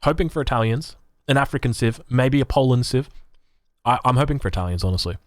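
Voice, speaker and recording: A man's voice: mid-range voice, animated, fast talker, no room sound, clean studio sound. Chatty Australian streamer guy. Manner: rambling, chatty, swears, reads chat aloud. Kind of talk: casual gameplay stream chat.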